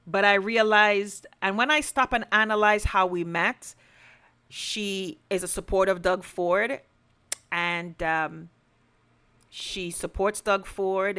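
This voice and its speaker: A woman's voice: medium pitch, fairly bright tone, clean tone. A woman podcast host giving earnest, emphatic commentary straight to her audience, building up to pleading. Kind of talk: direct-to-camera commentary.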